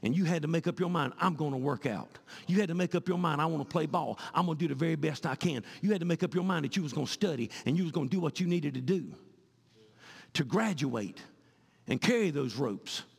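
A male pastor preaching a sermon in church, swinging from fervent shouting to hushed pleading. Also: a little high, animated, fast, creaky, husky, in a large hall.

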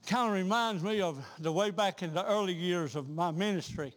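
A preacher with a high voice delivers a revival sermon from the pulpit. He repeats his words in a rhythmic cadence and climbs to loud, fervent peaks. The sanctuary leaves a long, ringing reverb on every line. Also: normal speed. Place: church sanctuary.

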